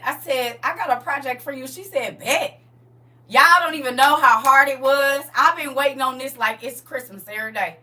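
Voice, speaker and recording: A middle-aged woman chatting on a livestream from home, animated and talking straight to her viewers. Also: a little high, distant mic. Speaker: livestream host showing off a custom jacket. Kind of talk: casual livestream chat. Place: at home indoors.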